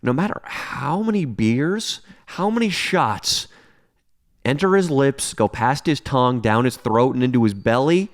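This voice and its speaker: Young podcast host guy, mid-pitched, teases in a dry fake-formal way. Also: a little slow. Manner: mock-formal, deadpan teasing. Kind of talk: casual chat.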